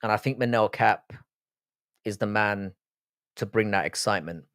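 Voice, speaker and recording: A man's voice: on the low side, normal speed, fairly bright tone, no room sound. Sweary English-accented man, dry sound. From Ireland, raised in Britain. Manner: blunt, sweary, opinionated. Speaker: livestream host. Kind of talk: casual livestream chat reading comments.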